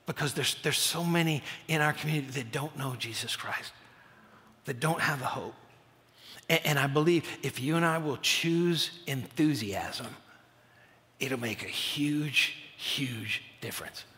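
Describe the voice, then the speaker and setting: A middle-aged male pastor preaching a sermon, telling a story, dropping to a hushed near-whisper for prayers and rising to loud emphasis on key points. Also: mid-range voice, unhurried. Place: church auditorium. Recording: long church-hall reverb.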